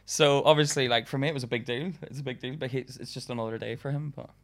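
Young man, from England, comedian guest, casual podcast chat, rambling stories, frequent laughs, middle-pitched voice. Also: fairly even intonation, fast, creaky. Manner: laughs often, swears, rambling storytelling.

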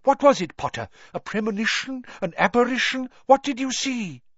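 A man voicing an eager, theatrical older woman who teaches divination, talking high and breathless. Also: lively intonation, moderate pace, dry recording. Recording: dull dry lo-fi recording.

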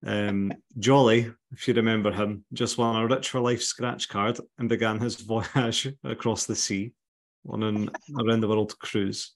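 Wry low-voiced Scottish man. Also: little pitch movement, unhurried. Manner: laughing, wry, teasing. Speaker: podcast host. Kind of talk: casual podcast chat.

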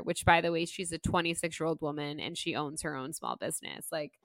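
A woman's voice: fairly low pitch, expressive, moderate pace, vocal fry, fairly bright tone, no room sound, studio quality. A woman co-hosting a book club podcast, chatting casually as she retells a chapter, peppered with "like". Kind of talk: casual chat.

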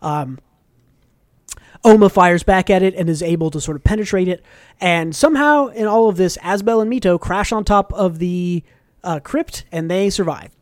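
A man's voice: high voice, moderate pace, dry recording, clean studio sound. A man co-hosting a podcast, casually recapping a comic book for a book club, talking with many fillers and acting out quotes. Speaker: podcast co-host.

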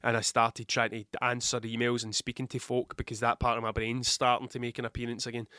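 A man's voice: mid-range voice, completely flat delivery, a little fast, sharp tone, no echo, clean studio sound. A Scottish man with a cold, coughing now and then, talking in a rambling, blunt, heavily sweary monologue. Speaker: podcast host. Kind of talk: casual monologue.

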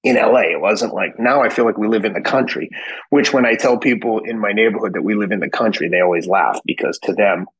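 Husky, profane man in his fifties. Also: fairly low pitch, fast talker, no room sound, poor audio. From Boston. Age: 50s. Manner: profane, acts out both sides of conversations. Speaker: guest. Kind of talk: animated storytelling.

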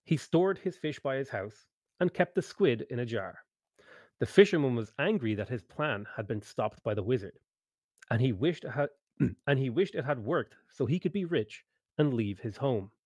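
A man's voice: medium pitch, moderate pace, dry recording. Man reading a tabletop story aloud. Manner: steady read-aloud storytelling, occasionally clearing his throat. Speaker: game master narrating a story. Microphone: online voice call.

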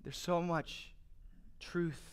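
A man's voice: fairly high pitch, fairly even intonation, extremely slow, clean tone. A man preaching a sermon earnestly, asking rhetorical questions and building to emphatic passages. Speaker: pastor.

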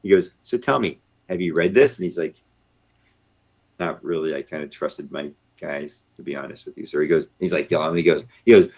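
A middle-aged former Marine officer, now retired and appearing as a podcast guest, tells a story in a relaxed interview. He speaks a little fast in a bass voice with a darkish tone and acts out the voices of the people involved.

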